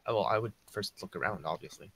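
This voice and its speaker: A man's voice: low-pitched, fast, a bit bright, husky. A man playing in a tabletop role-playing game, asking hesitant, stammering questions about the scene. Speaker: player. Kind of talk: casual role-play chat.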